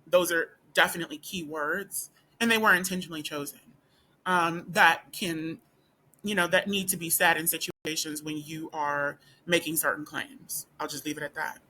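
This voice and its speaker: A woman talks straight to her camera in a casual vlog, her voice bright and edged with tension. She presses her point with rhetorical questions and keeps circling back through "like" and "you know." Her voice is not deep. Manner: emphatic, with rhetorical questions and repeated fillers. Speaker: student. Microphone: camera or phone facing speaker.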